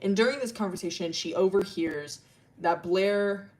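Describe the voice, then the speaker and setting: A woman's voice: mid-range voice, moderate pace, a little mellow. Rambling woman streamer, laughing often. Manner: rambling, laughs often between lines, swears freely. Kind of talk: casual storytelling on a livestream.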